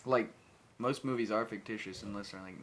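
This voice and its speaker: A man's voice: on the low side, a little fast. A man co-hosting a casual podcast, telling stories with free swearing and lots of laughter. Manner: lively storyteller, swears freely, laughs a lot. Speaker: podcast co-host. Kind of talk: casual chat.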